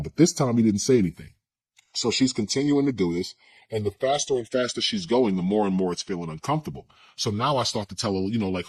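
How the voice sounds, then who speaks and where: Husky low-voiced man telling a story. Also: a little mellow, poor audio. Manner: blunt and conversational, with slang and restarts. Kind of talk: candid recounting in an interview.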